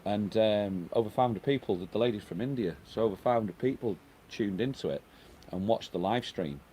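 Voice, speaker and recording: A man's voice: on the low side, animated, brisk, dark tone, a little hiss or hum. A middle-aged man hosting a casual live stream at home, chatting and reading out viewer comments.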